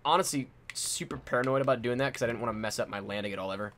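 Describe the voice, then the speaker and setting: A man streaming gameplay, chatting excitably with teammates and his audience, his voice a little strained. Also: mid-range voice, very fast, slight background noise. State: slightly strained, losing his voice. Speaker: gaming streamer and YouTuber. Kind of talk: casual gameplay chat with teammates.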